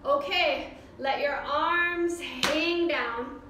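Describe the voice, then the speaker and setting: A woman's voice: high voice, very slow, noisy background. A woman leading a children's yoga class with a cheerful, sing-song, encouraging way of talking. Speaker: kids' yoga teacher. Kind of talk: guided kids' yoga class. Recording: roomy echo from far off.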